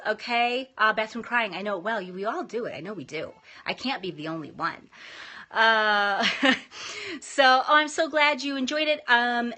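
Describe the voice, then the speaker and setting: A woman's voice: fairly high pitch, a bit bright. A woman in her thirties, a homeschooling mom, chatting casually and encouragingly to camera about self-care and faith. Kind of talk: casual motivational chat to camera.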